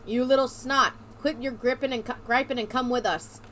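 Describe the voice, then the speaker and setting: A woman's voice: on the high side, steady tone, fairly quick, a bit bright, a little hiss or hum, natural voice. Woman doing a brash street thug guy. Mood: bullying. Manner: leering, bullying. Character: brash male street thug, crude and pushy.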